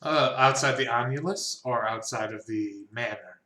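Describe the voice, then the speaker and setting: A man runs a horror-fantasy tabletop game, narrating with a crisp, bright tone. He chats loosely, laughs easily and trips over the odd name. His voice rings in an echoey room. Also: mid-range voice, normal speed. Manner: chatty, laughs easily, stumbles over names. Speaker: game master.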